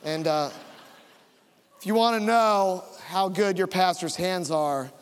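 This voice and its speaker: High-voiced pastor in an echoey hall. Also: male voice, slow, slight background noise. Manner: storytelling, builds to an altar call. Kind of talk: sermon with personal story. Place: church sanctuary.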